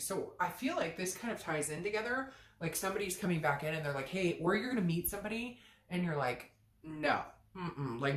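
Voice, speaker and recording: A woman giving a chatty, blunt tarot reading who swears freely and acts out little quoted voices. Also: lowish voice. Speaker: tarot reader. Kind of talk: casual tarot reading to camera. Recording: echoey room.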